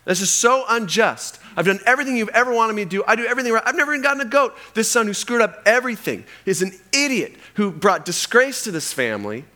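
A man acting out an indignant grown son who whines loudly and quickly that he has been treated unfairly. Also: lively intonation. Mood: indignant whining. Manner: shrill, complaining, rapid.

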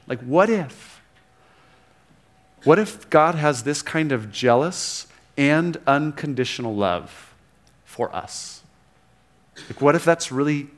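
A man preaching a sermon in a conversational way, quoting scripture with animated emphasis and frequent restarts. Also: mid-range voice. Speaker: pastor.

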